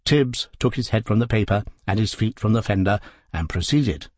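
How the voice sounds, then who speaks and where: A man narrating a classic novel in an expressive, measured storytelling manner. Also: fairly low pitch, dry recording, studio quality.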